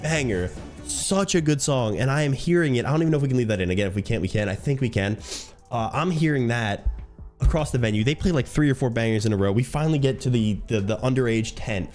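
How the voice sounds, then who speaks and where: A man's voice: medium pitch, fast talker, a little mellow, soft background music. A man who streams for a living, telling a story in a talkative, rambling way. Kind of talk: casual storytime.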